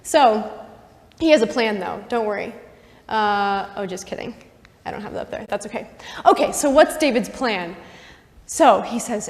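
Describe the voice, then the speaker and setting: A young woman giving a casual, animated faith talk in a university chapel, chatty and full of asides. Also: mid-range voice, moderate pace, long pauses. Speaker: campus missionary speaker. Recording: long chapel reverb.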